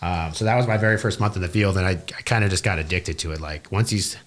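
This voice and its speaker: Fast-talking, profane man telling stories. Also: low voice. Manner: fast, profane, animated storytelling. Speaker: guest, business owner. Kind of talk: casual interview storytelling.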